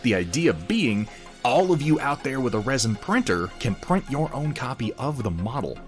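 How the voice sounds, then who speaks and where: A man livestreams while he paints, chatting casually in a medium-pitched voice with big swings in pitch at a normal speed. He rambles, pokes fun at himself, and reads out names from chat as he greets viewers, with faint music playing behind him.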